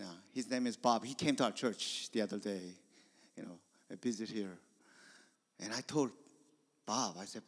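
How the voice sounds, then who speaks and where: A man preaching a sermon, telling stories that swing from hushed whispers to loud emphasis. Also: medium pitch. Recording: long hall reverb.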